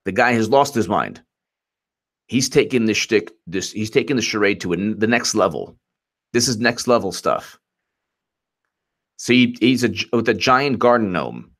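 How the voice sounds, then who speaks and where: A man's voice: on the low side, lively intonation, moderate pace, long pauses, fairly bright tone. A man hosting a live-streamed political commentary show, rambling and mocking as he laughs often.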